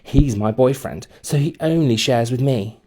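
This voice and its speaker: A man's voice: unhurried, mellow, lightly acted. A man voicing a sweet, cheerful schoolgirl in a storybook reading. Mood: chirpy. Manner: high and cheerful. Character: sweet chirpy schoolgirl girlfriend.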